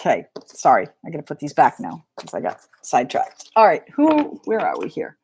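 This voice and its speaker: A woman's voice: deep voice, huge pitch swings, fairly quick, creaky, a little mellow, a little hiss or hum. A middle-aged woman with a New England accent giving a live tarot reading in a chatty, frank and joking way. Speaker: tarot reader.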